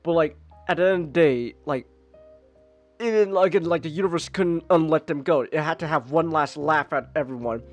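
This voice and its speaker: A man with a somewhat high voice hosts a live podcast and chats about a film in a loose, rambling way, often restarting his sentences. Faint music plays behind him. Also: normal speed. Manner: rambling, many restarts and fillers. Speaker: podcast host. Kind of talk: casual movie review chat.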